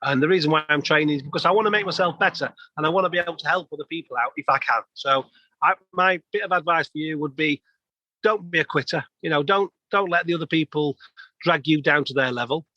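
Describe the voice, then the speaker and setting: A man, sitting in as a guest and telling stories in a chatty, rambling way full of restarts. His voice sits a touch high for a man. The sound is dry and close. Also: fast, bright, forceful tone, no room sound, lo-fi sound. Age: 50s. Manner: chatty storyteller, many restarts. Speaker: guest, plumber. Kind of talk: casual podcast interview.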